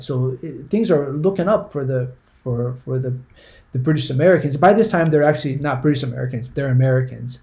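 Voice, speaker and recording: A man's voice: medium pitch, mellow. A man giving a conversational history lesson, often restarting words and checking in with the listener. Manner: conversational, repeats words, frequent "right?" checks. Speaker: history teacher. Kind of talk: classroom history lecture.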